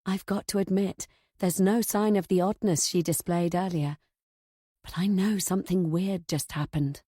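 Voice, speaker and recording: A woman narrating a first-person thriller audiobook with a tense, anxious edge. Her tone is warm and mellow. The recording is close and dry, with no room sound. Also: on the low side, steady tone, normal speed, breathy edge, no room sound.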